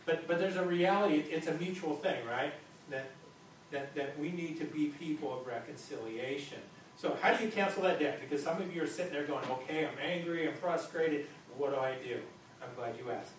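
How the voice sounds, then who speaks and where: A man preaches a sermon in a casual, talky way, tripping over and repeating his words as he goes. His voice sits a little high and comes from some distance off. The hall around him rings with heavy echo over a faint hiss. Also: brisk. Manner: conversational, stammering restarts and repeated words. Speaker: pastor. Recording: very echoey hall, distant mic, faint noise.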